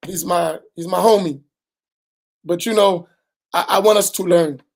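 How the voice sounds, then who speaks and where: A man's voice: high-pitched, unhurried, vocal fry. A man, an imam teaching a religious lesson in a direct, admonishing way, often tagging "right?" onto his points.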